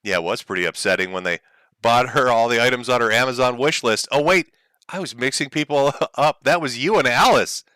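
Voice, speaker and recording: A man's voice: medium pitch, brisk, sharp tone, clear, resonant tone, dry recording. A man hosting a livestream, talking to his chat with sarcastic, mocking commentary and frequent laughs. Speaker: streamer host.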